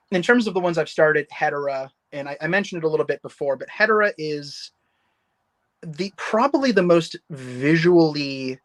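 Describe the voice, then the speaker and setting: A man guesting on a casual livestream chat. He has a slightly high voice and talks with eager enthusiasm, circling back and restarting his sentences as he goes. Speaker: guest, novelist.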